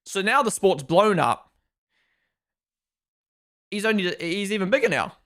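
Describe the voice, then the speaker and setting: His voice sits high, with lively intonation and a sharp tone, and he talks a little slowly. He's a New Zealand man in his twenties hosting a live stream, casually chatting as he reads out viewer comments and answers them.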